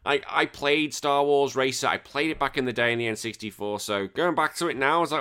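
A man hosting a podcast, chatting casually in a rambling, animated way and swearing freely. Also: mid-range voice, brisk, smooth. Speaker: podcast host.

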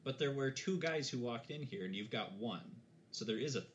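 Animated man playing a tabletop game. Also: mid-range voice, a little fast, lo-fi sound, a little hiss or hum. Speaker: player. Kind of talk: casual tabletop gaming chat.

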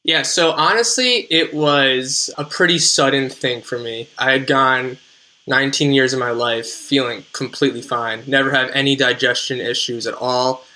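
Bright-voiced young New Jersey man. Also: medium pitch, rough recording. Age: 20s. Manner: earnest, measured storytelling with fillers like "like". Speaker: podcast guest. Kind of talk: podcast interview.

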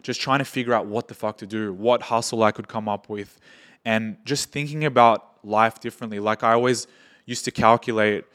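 A man's voice: lowish voice, steady tone, normal speed, fairly bright tone. A young Australian man, a podcast guest, telling anecdotes in casual chat, swearing freely and quoting people in his stories.

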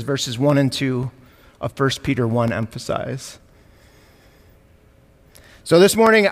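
A man's voice: a little high, fairly bright tone, in a large hall. A man from the United States with a Midwestern Chicago-area accent, preaching a sermon in a conversational way and joking with the congregation. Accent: Midwestern American, Chicago area. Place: church sanctuary.

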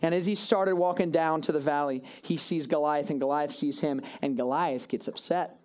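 A young man giving a casual, animated sermon to a youth group, with self-deprecating asides. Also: on the high side, moderate pace, smooth. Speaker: youth pastor. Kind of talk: animated sermon retelling a story.

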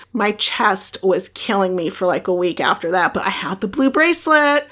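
A middle-aged woman talks through her own stories in a relaxed, chatty monologue. She keeps it lively and slips into the voices of the people she quotes. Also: medium pitch. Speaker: podcast host. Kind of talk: casual storytelling monologue.

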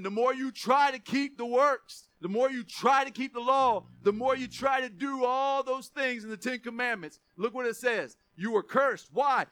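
Male preacher, high bright voice, passionate sermon delivery. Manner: passionate, swings from quiet asides to raised preaching.

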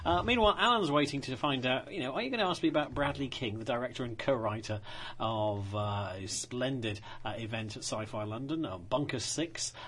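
A man's voice: mid-range voice, a little fast, a bit bright, slight background noise. A man presenting a community radio show, chatty and jokey with guests and co-host. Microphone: studio microphone.

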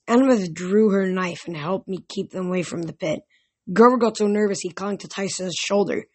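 A woman reading a novel aloud in steady audiobook narration. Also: lowish voice, normal speed, slightly rough. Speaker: reader.

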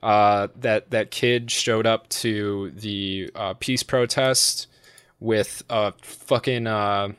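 A man's voice: lowish voice, steady tone, slow, a bit bright, clear, resonant tone, no room sound. Brief: American guy, podcast co-host, foul-mouthed rambling banter, dry close sound. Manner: profane, mocking, rambling with fillers. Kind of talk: crude casual chat.

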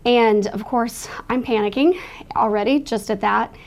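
A woman with a fairly high voice speaks at a measured pace as she recounts a frightening night. Her telling is earnest and emotional, offered as a testimony of religious faith.

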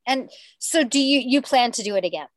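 A woman's voice: on the high side, lively intonation, brisk, no room sound. A woman interviewing a guest in a casual, chatty way, reacting openly to his stories.

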